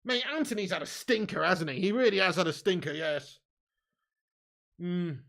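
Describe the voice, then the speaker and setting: High, bright-voiced sweary fan. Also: male voice, normal speed, vocal fry. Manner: excitable, sweary, swings from grumbling to shouting. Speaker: fan watch-along host. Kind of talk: live match watch-along commentary.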